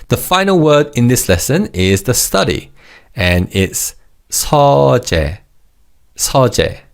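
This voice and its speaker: Guy teaching words slowly and clearly, lowish voice that jumps around a lot, encouraging. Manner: clear, encouraging repeat-after-me drilling. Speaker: language teacher. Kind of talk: scripted language lesson.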